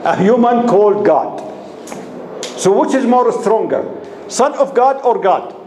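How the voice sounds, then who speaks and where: Slow-talking man teaching a class. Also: high-pitched, very animated. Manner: asks the class questions and repeats key terms. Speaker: instructor. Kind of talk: classroom lecture. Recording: echoey room with faint noise.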